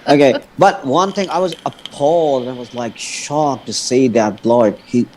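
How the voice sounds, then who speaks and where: A man's voice: medium pitch, measured pace, crowd noise, rough recording. A man from India with an Indian accent, a guest chatting casually on a video call and joking crudely. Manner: joking, crude, laughs often. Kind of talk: casual chat.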